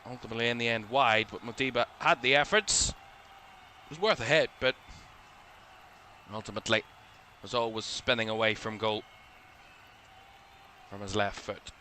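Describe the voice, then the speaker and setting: A man giving relaxed live play-by-play commentary on a football match for a watchalong stream, chatty and a little drowsy, yawning now and then and correcting himself as he goes. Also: mid-range voice, moderate pace, pauses often, slight background noise. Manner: relaxed, chatty, thinking aloud with small self-corrections.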